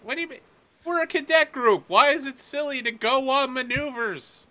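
A man voicing a panicky young male cadet officer on a radio channel, shouting and swearing. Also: very high voice, moderate pace, pitched above the performer's own voice. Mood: suspicious.

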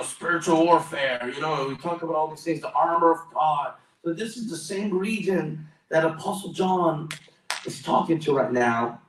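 A male pastor preaches in a church hall, exclamatory and calling for responses from the congregation. His voice is on the high side and a bit bright, picked up by a distant mic with roomy echo.

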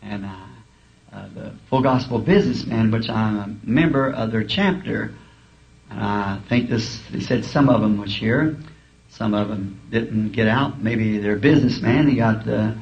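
A man's voice: fairly low pitch, moderate pace, vocal fry, darkish tone. A man preaching a sermon in a school auditorium, telling folksy, humorous stories. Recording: dull archival tape, faint hiss.

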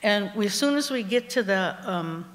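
A woman's voice: mid-range voice, lively intonation, moderate pace. A woman telling a true story on stage to a live audience, conversational and wry, laughing along as she goes. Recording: long hall reverb from a live theater.

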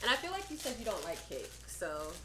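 A young American woman chatting casually while taste-testing snacks, asking quick questions. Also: medium pitch, huge pitch swings, reverberant, background noise. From United States. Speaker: co-host.

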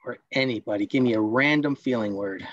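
A man presenting a parenting workshop online, explaining points and acting out scolding parents in quick role-plays. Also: medium pitch, dry recording, highs cut off.

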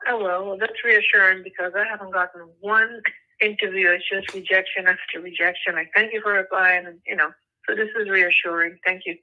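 A woman's voice: medium pitch, fairly even intonation, fairly quick. A woman calling in to a radio show, explaining her job search in a matter-of-fact way with many fillers. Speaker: caller. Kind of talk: phone-in question. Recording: tinny phone line.

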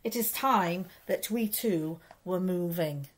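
A woman's voice: fairly low pitch, slow. Woman reading as a bustling beaver fellow, eager and urgent, storybook character. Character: brisk kindly male beaver guide.

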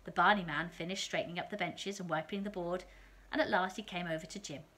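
A woman reading a children's novel aloud in a calm, steady storytelling manner. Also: lowish voice, fast.

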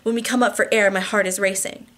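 A woman's voice: mid-range voice, steady tone, quick pace, fairly bright tone. A woman reading a romance novel aloud, with frequent restarts and slips. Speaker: audiobook reader.

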